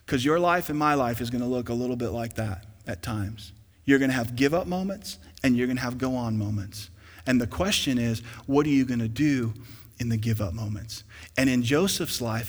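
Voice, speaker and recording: A male pastor preaching a sermon who swings from hushed to loud and calls for responses from the congregation. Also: mid-range voice, normal speed, long reverb tail.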